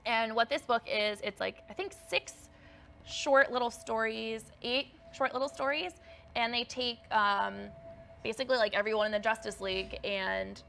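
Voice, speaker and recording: A woman's voice: on the high side, moderate pace, gravelly, a bit bright, a little hiss or hum. A woman co-hosting a casual comic book show, chatty and playful, with lots of filler words. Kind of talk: casual chat.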